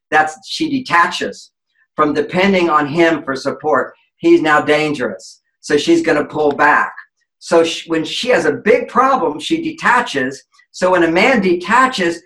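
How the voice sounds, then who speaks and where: A man lectures emphatically on relationships as an interview guest, his voice bright and fairly high for a man. Now and then he acts out quoted voices as he explains. The sound rings in an echoey room. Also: a little slow.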